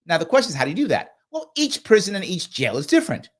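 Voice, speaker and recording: A man's voice: sits high, fast talker. A man hosting a live reaction show, talking emphatically and acting out people in quotes as he comments. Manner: animated, acts out voices in quotes; emphatic and repetitive. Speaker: host reacting to a clip.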